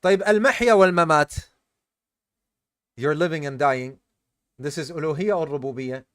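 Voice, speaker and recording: A tired man teaches a religious study class to live students, breaking things down step by step, asking them questions and slipping in Arabic terms. His voice is on the high side at a moderate pace, recorded dry with studio quality.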